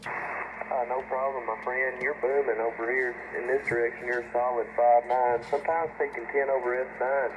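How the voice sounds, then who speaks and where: A man's voice: mid-range voice, flat delivery, normal speed. A man with a Southern US accent calling in on ham radio, polite and easygoing. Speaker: radio caller. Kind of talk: ham radio contact chat. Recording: dull noisy radio reception.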